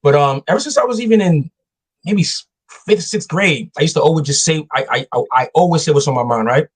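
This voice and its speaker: Husky guy host, kinda high voice, animated storyteller doing the voices. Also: fairly quick. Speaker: show host. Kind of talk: casual dating advice talk.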